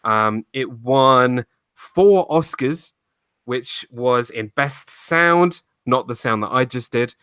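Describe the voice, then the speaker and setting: A man's voice: mid-range voice, lively intonation, takes it slowly, bright, forceful tone, smooth, no echo. Enthusiastic American man, dry sound. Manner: enthusiastic, gushing. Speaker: podcast co-host. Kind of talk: casual movie chat.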